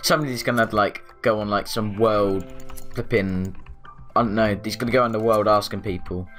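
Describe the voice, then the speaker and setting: Brief: male gamer, slightly low voice, loose excitable rambling commentary, soft music underneath. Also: normal speed. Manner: rambling, excitable, chatty with frequent exclamations. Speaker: gaming YouTuber. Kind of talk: let's play commentary.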